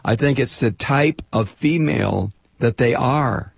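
A man hosting a political talk radio show, blunt and sardonic, with halting restarts. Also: mid-range voice, gravelly, slightly rough, no room sound.

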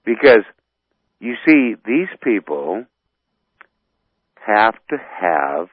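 A man from North Dakota calls in to a radio show over a thin, phone-like line. His low voice swings widely and moves slowly. He rants heatedly and often stalls to search for words. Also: sing-song, breathy edge, no room sound. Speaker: radio caller. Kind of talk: phone-in rant.

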